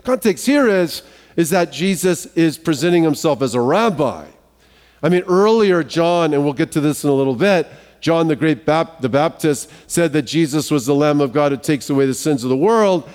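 A man's voice: fairly high pitch, animated, moderate pace, darkish tone, big-room sound. A male pastor preaching a sermon in a loose, conversational way, with joking asides and frequent restarts.

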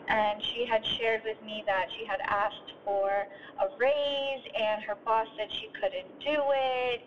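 A woman's voice: on the high side, steady tone, slow pace, few pauses. A woman hosting a podcast, telling an earnest, heartfelt story in a voice note recorded while driving. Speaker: podcast host and coach. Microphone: phone voice note. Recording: dull lo-fi phone memo with faint road noise. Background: faint driving sounds.

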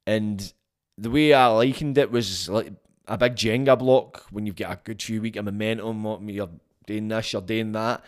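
A man's voice: lowish voice, fairly even intonation, moderate pace. A man hosting a solo podcast, talking casually in a blunt, frank way and swearing freely. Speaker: podcast host.

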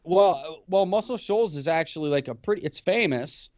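A man co-hosting a podcast in casual chat, swearing often and talking in animated, talkative runs. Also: fairly high pitch, normal speed, dull audio, crowd noise. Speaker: podcast co-host. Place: lives in Alabama.

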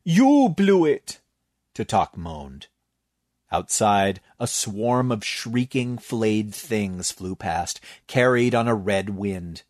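Slow, deliberate male story narrator. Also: lowish voice, no echo, clean studio sound. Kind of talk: scripted fiction narration.

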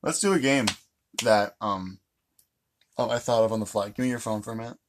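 A man's voice: fairly low pitch, a little fast. A man in casual, playful chat, laughing often while hosting a game. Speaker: co-host. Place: indoors, sitting on the floor.

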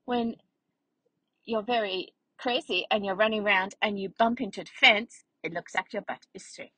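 A woman voicing a cheerful, chatty young female schnauzer dog, telling a story with a childlike, rambling, playful manner and a breathy voice. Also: mid-range voice, moderate pace, bright, forceful tone, no echo, poor audio. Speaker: vlog narrator in character. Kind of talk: storytelling in character.

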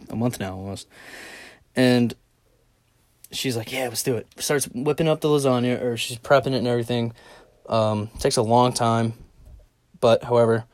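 A young man rambles through a story for his solo podcast, swearing freely and getting animated. His voice sits at a middle pitch. It is recorded dry and close in a small closet with no room sound. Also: no room sound. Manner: rambling, profane, animated retelling. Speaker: podcast host.

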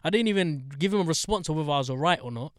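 A young man telling a story in casual chat, animated, swearing and getting heated as he talks. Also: rapid-fire, dry recording, studio quality. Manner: animated storyteller, swears, gets heated and high when indignant.

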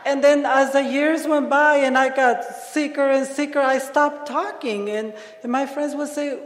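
A woman's voice: high voice, fairly even intonation, a little slow, few pauses, a little hiss or hum. A woman sharing her story as a speaker on a conference panel, laughing often and restarting her sentences. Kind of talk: personal recovery share. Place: large conference hall. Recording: echoey hall.

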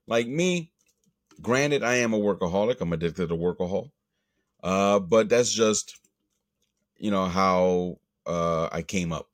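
A Latino man hosting a podcast, rambling through a profane, animated rant with the odd put-on voice. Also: sits low, measured pace, dry recording, clean studio sound. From Latino, grew up in the US. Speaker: podcast host. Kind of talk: casual monologue.

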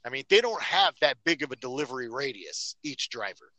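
Profane, ranting man with a bright voice. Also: mid-range voice, very animated, brisk, dry recording, poor audio. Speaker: podcast host. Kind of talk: casual podcast chat.

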